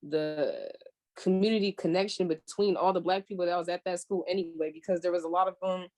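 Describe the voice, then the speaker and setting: A woman's voice: fairly low pitch, brisk. A young woman from California, a podcast guest, telling her story in casual chat, swearing freely and acting out what she said back then. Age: young adult. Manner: animated storyteller, swears freely, acts out her own past remarks.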